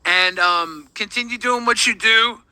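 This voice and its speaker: A man's voice: sits high, measured pace, bright, forceful tone, clear, resonant tone, no echo, rough recording. A man on a live stream talking provocatively with swagger, calling people bro. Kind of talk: casual live-stream chat.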